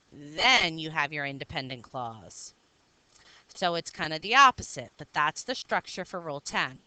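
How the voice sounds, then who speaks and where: A woman's voice: on the low side, bright, forceful tone, clear, resonant tone, dry recording, rough recording. A woman teacher explaining grammar rules step by step in a recorded lesson, patiently checking that students follow along.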